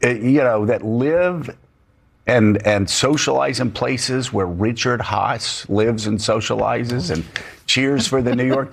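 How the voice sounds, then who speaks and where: A man's voice: medium pitch, gravelly, breathy edge. A man hosting a political talk show, talking emphatically with sarcastic asides. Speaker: host.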